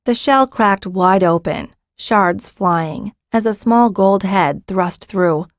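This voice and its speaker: A woman narrating a fantasy audiobook in a steady, even storytelling voice. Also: medium pitch, slow pace, no room sound, clean studio sound.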